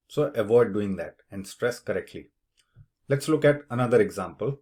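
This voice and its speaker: A man explains an English speaking test in an unhurried, measured way, like a lesson. His voice sits at an ordinary middle pitch. He stops to say example words aloud, showing which syllable takes the stress. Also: expressive. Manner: slow, deliberate, demonstrates word stress aloud. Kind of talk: instructional explanation.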